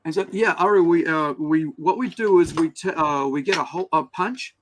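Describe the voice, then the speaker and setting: A man's voice: fairly high pitch, moderate pace, rough recording. A man, a podcast co-host telling stories in casual chat and acting out what others said. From New Zealand. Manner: animated storyteller, acts out quotes.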